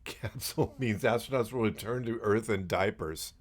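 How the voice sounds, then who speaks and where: A man's voice: lowish voice, moderate pace. A man co-hosting a podcast, chatting casually about odd news and laughing often. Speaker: podcast co-host.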